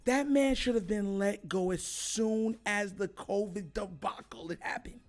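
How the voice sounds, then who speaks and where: A high-pitched man hosts a fired-up sports rant, shouting and hammering the same points again and again. Soft music plays faintly behind his voice. His delivery swings between loud outbursts and quick, insistent asides. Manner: fired-up, shouting, repetitive emphatic. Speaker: sports show host. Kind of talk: heated sports commentary rant.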